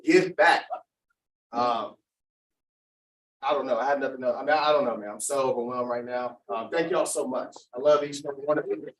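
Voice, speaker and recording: A man accepting an award, speaking haltingly and with feeling in casual slang. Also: mid-range voice, a bit bright, slight background noise. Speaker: award recipient giving a speech. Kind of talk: emotional acceptance speech. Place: large hall. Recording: echoey hall, voice from far off.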